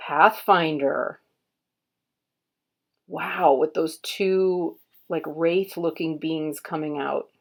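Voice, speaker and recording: A woman unboxing a card deck, murmuring card names in a soft, unhurried way and admiring the artwork. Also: sits low, fairly even intonation. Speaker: tarot reader and channel host. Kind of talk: casual unboxing commentary.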